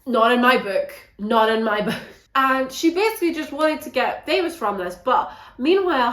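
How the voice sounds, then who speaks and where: A woman giving a frank, animated book wrap-up in a casual vlog, swearing now and then. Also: on the high side, roomy sound. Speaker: book reviewer.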